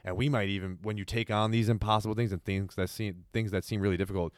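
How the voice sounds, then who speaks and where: Deep-voiced man musing reflectively. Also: steady tone, fast, clean tone, dry recording, studio quality. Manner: reflective, filler-heavy, motivational musing. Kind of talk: casual chat.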